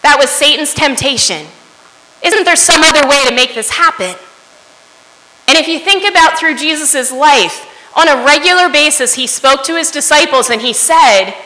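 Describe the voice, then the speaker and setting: A woman's voice: sits high, moderate pace, sharp tone. A woman preaching a sermon in an earnest way, often asking her listeners "right?" as she goes. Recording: long hall reverb.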